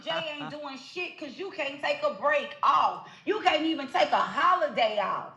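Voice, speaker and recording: High-voiced woman scolding a rival; confrontational, played back from an echoey clip. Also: expressive, normal speed, pushed and bright. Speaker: rival online creator. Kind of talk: angry livestream rant.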